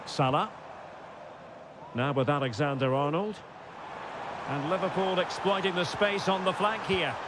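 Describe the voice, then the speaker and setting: A man giving prerecorded play-by-play commentary for a football video game, calling out players crisply and lifting his voice on chances and goals. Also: fairly high pitch, unhurried, pauses often. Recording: game audio over loud stadium noise.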